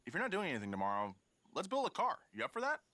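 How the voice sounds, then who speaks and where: A man's voice: sits high, huge pitch swings, rapid-fire, pushed and bright, no echo, full character voice. An actor playing an eager male car-building friend in an upbeat way.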